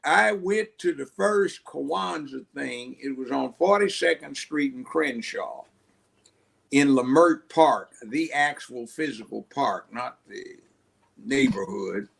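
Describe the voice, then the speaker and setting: A man's voice: mid-range voice, slow, vocal fry, breathy edge. An older man telling long stories as a guest in an interview, acting out voices as he goes. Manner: animated storyteller who acts out voices. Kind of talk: storytelling interview.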